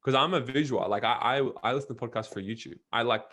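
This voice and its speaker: A man's voice: medium pitch, fast, a bit bright. A man, a guest on an interview, talking energetically and emphatically with frequent restarts. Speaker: podcast coach and guest. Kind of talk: casual interview talk.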